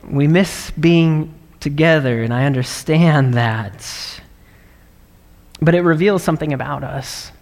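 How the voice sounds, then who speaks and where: A man preaching a livestreamed sermon as pastor, in a conversational, earnest way, with light laughs and frequent "right?" checks to his viewers. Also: mid-range voice. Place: large church sanctuary. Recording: long reverb of a large hall.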